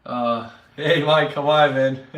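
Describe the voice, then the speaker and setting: A man's voice: mid-range voice, fairly even intonation, slow, a bit bright. A man chatting casually on a livestream, upbeat and greeting viewers by name. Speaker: fitness vlogger. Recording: echoey room, mic at a distance.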